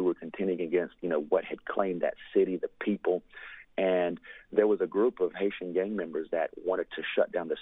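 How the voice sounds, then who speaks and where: A man's voice: deep voice, breathy edge, no room sound. A man telling a fervent ministry testimony in an earnest storytelling way, full of "you know" fillers. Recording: dry, tinny phone-like line.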